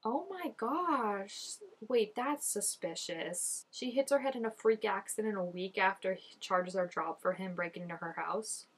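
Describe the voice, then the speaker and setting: A woman's voice: medium pitch, expressive, unhurried, hardly any pauses, slightly rough. A woman reacting to a TV episode in casual commentary, exclaiming, gasping and laughing often at the screen. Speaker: TV show reactor.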